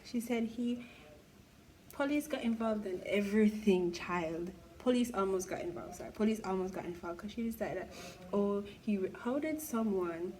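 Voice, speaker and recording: A woman's voice: mid-range voice, darkish tone, a little hiss or hum, low-quality recording. A young woman vlogger telling a gossipy story in casual chat while doing her makeup, with incredulous exclamations.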